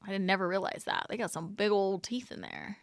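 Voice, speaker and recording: A woman with a medium-pitched voice talks fairly quickly in a clean studio recording without echo. She leads her stream viewers on a game lore tour, chatty and self-deprecating, laughing at her own mispronunciations.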